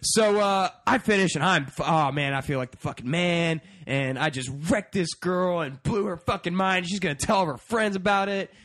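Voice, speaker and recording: A man's voice: sits high, normal speed, few pauses, a bit bright, no room sound. A young man casually telling a crude story among friends, rambling, swearing often and laughing as he goes.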